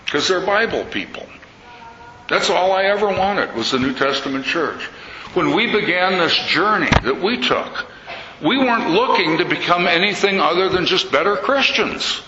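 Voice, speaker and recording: An older man, an Orthodox priest, giving a talk in sermon style and telling stories with lively quoted voices. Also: fairly high pitch. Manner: storytelling, animated quoting of others. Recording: echoey hall, slightly dull sound, faint noise.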